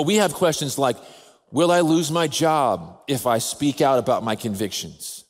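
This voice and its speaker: A man, a father of a toddler, preaching a sermon in an earnest, measured way with slow, emphatic pauses. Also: medium pitch. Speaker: pastor. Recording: long reverb of a large hall.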